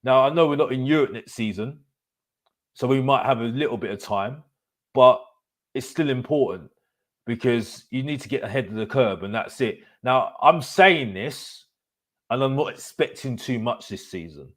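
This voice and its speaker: A man hosting a live football fan stream, ranting in an animated, repetitive, emphatic way. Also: medium pitch, moderate pace. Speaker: host of a football fan channel. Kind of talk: live-stream opinion rant.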